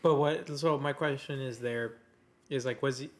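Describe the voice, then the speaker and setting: A man's voice: medium pitch, steady tone, normal speed. A man co-hosting a podcast, chatting casually with short reactions and questions. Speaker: podcast co-host. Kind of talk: casual chat.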